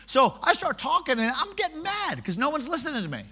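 Very high, bright-voiced male preacher. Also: a little fast. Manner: animated, self-mocking storytelling. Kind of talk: sermon.

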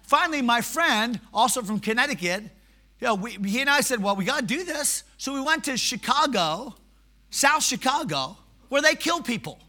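Very high, bright-voiced male preacher. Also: normal speed. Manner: animated, self-mocking storytelling. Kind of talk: sermon.

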